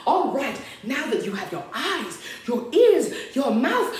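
A woman's voice: high-pitched, sing-song, unhurried, few pauses, darkish tone. A woman hosting a children's storytime in a giggly, theatrical way, often exclaiming "oh dear". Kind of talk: playful storytime talk to children. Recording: very echoey room with faint music.

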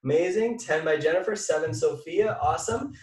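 A man giving an energetic motivational talk on a team video call, repeating phrases and asking his listeners questions. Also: on the high side, fairly quick, reverberant, recorded from a distance, rough recording.

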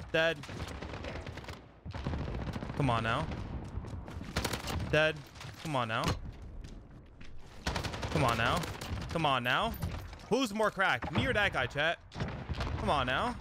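A young man gives hyped, trash-talking commentary while he plays a shooter game. His voice sits a bit high and swings widely. Loud gunfire and explosions from the game play under him the whole time. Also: animated, slow, pauses often, noisy background. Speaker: gaming streamer. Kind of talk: live gameplay commentary.

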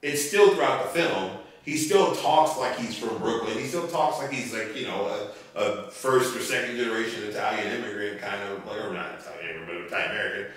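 Brief: rambling, animated male podcast co-host, bright voice, recorded in a roomy space from a distance. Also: on the low side, a little fast, few pauses. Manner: rambling, animated, full of fillers. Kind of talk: casual movie review chat. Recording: echoey room, mic at a distance.

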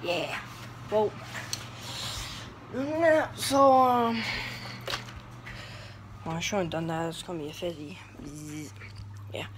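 This casual walking vlog comes from a woman strolling through town, filming on a handheld phone that captures clear outdoor background noise. She speaks in a low, steady voice at normal speed, goofing around with playful rambling, silly sound effects and singsong noises.

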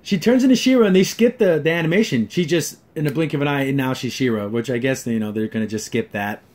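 A man's voice: medium pitch, quick pace, darkish tone. A man hosting a casual episode review, ranting sarcastically and exasperatedly, full of fillers and restarts. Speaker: show reviewer.

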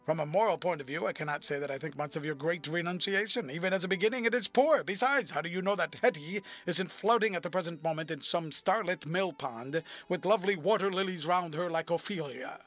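A man reading the part of a witty, cynical aristocratic gentleman with an amused, epigrammatic delivery. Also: fairly high pitch, fairly quick, hardly any pauses, faint music behind.

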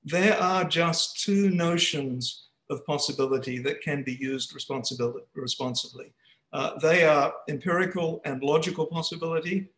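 A man's voice: on the high side, fairly even intonation, moderate pace, fairly bright tone, echoey room, poor audio. A man giving an academic seminar talk over a video call, speaking hesitantly with many restarts. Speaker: guest speaker. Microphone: computer mic on a video call.

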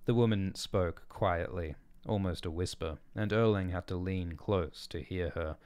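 A man reading his own story aloud as narrator, in measured, descriptive narration. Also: deep voice, a little mellow, clear, resonant tone, no echo. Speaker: author and narrator.

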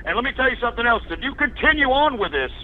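A man with a very high voice taunts and threatens someone in a mocking prank call. His words come through an old, tinny phone line with a thin, narrow sound. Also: big pitch swings. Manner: menacing, mocking, drawn-out taunts. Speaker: prank caller.

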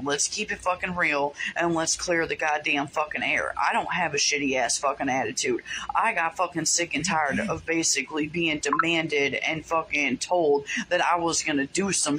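A woman's voice: sits low, a bit bright, a little hiss or hum, rough recording. A woman delivering an angry, profanity-heavy rant to her followers, repetitive and insistent. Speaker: vlogger speaking to followers.

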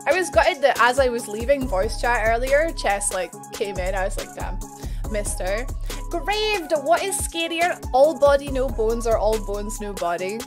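A woman's voice: on the high side, animated, normal speed, hardly any pauses, over music. A young woman streamer chatting casually and giggling as she greets her viewers by name. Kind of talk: casual live-stream chat.

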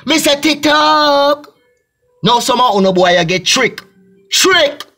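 A man with a Jamaican accent ranting loudly in a mocking reaction video, shouting and mimicking others. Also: high-pitched, expressive, a little fast. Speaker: video commentator.

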